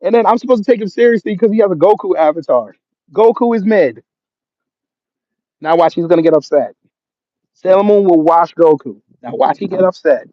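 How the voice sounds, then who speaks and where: A man of Jamaican background hosts a casual livestream, mocking the commenters in his chat with sarcasm. His voice sits on the high side for a man. The audio is dry and dull, like a lo-fi stream mic. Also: fairly quick, pauses often, dry recording. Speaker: livestream host.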